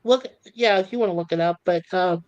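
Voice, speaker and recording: A man's voice: high-pitched, fast, darkish tone, clear, resonant tone, no room sound, lo-fi sound. A man hosting a live stream, chatting casually and reading viewer comments aloud in a rambling, easygoing way, laughing easily.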